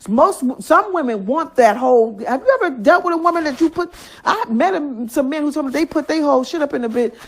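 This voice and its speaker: A woman's voice: sits high, lively intonation, a little fast, a little hiss or hum. Blunt profane woman with a Michigan accent. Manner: blunt, profane, laughs often. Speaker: interview guest. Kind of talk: candid casual chat.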